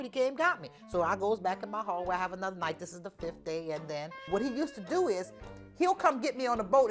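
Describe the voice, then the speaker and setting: A woman, telling her own story in an animated, informal way and acting out the dialogue. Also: medium pitch. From New Orleans, USA. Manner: animated, acts out the dialogue, informal Southern speech. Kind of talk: personal storytelling.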